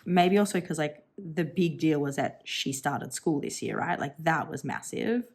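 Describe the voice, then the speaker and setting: A woman's voice: low-pitched, expressive, a little slow, a little mellow, slightly rough. A woman in her thirties chatting casually and thinking aloud while swatching inks for her channel, musing and self-deprecating. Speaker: stationery vlogger.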